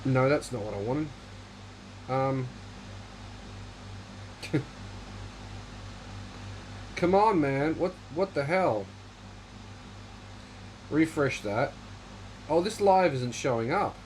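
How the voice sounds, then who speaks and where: A man's voice: mid-range voice, animated, very slow, long pauses, a little mellow, a little hiss or hum, low-quality recording. A man hosting a casual livestream chat, rambling in a dry, offhand way while reading viewer comments. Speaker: livestream host.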